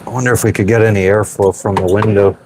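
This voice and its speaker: A man's voice: fairly low pitch, steady tone, fast, background noise. Casual, profane man chatting on a boat. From Pennsylvania, US. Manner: loose and profane, answering viewers. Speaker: sailing vlogger reading live chat. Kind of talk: casual live-stream chat. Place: small boat cabin while cooking.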